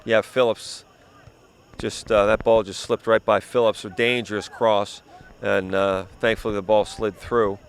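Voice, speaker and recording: A man's voice: fairly low pitch, flat delivery, a little slow. A man doing play-by-play for a youth soccer game, explaining plays with frequent "yep" and "uh". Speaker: play-by-play commentator. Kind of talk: local sports commentary. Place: outdoor soccer field. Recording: faint outdoor noise.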